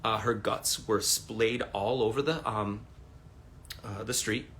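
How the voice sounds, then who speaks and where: A man's voice: fairly low pitch, slow, slight background noise. A man in his forties talking to viewers on a phone livestream from home, rambling and swearing as he tells stories. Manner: rambling, profane, animated storytelling. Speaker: livestream host. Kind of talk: casual livestream monologue.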